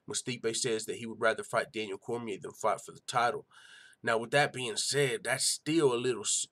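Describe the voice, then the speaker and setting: A man's voice: medium pitch, fairly bright tone. A young man hosting a live MMA talk stream in a loose, slangy, profane manner, chatting casually and reading viewer comments. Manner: loose, slangy and profane, with frequent "you know what I'm saying". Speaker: host of a live MMA news show.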